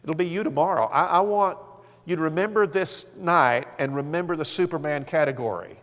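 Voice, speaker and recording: Leading a marriage seminar for men, a man tells folksy stories and acts out the voices of the people in them. His voice is on the high side and a bit bright, and he talks a little fast. The hall adds reverb.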